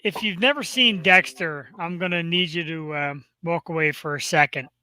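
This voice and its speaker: A man co-hosts a live talk show, joking around in quick excitable bursts. His voice is bright and forceful, recorded close and dry with no room sound. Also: a little high, no room sound, low-quality recording. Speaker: co-host. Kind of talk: casual chat.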